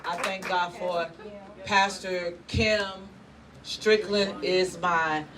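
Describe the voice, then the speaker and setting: An older woman pastor speaking at a church gathering, thanking her team, animated and laughing often as she acts out their replies. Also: lowish voice, extremely slow. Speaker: apostle leading a church. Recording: distant mic, loud crowd and room noise.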